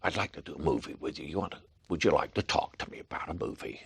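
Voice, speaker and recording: Blunt older film director, dry low drawl, done by a man as an impression. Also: lively intonation, fast talker, gravelly, a bit bright, breathy edge, full character voice. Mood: hushed.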